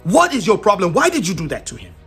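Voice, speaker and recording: A man's voice: sits high, huge pitch swings, fast talker, a bit bright, soft background music, full character voice. A man voicing an indignant woman party host with an African accent, protesting sharply as he retells a story.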